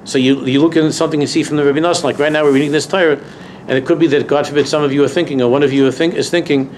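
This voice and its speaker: A rabbi racing through a Torah lesson in a university lecture room stresses and repeats key phrases, building toward impassioned peaks. His voice is fairly high with fairly even intonation, and there's slight background noise.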